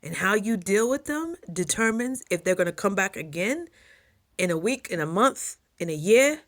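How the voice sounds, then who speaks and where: A young woman talking casually in a motivational vlog, chatty and animated, jumping high when she quotes people. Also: moderate pace. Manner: chews while talking at times. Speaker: vlogger.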